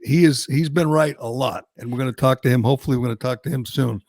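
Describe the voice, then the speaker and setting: Gravelly radio host guy, mocking rant, super dry studio mic. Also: medium pitch, fast, a little mellow, no room sound. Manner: emphatic, mocking rant with frequent restarts. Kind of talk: opinionated talk radio.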